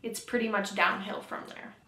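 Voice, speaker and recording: A woman vlogging casually about a book she is reading, reacting in a hushed, chatty way. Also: medium pitch, fairly even intonation, moderate pace, slight background noise. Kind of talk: casual reading vlog chat.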